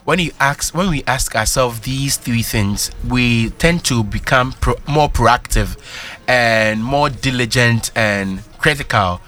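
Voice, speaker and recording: Man, Ghanaian accent, radio guest, earnest advice, measured delivery, medium pitch. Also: sharp tone. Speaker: guest giving life tips.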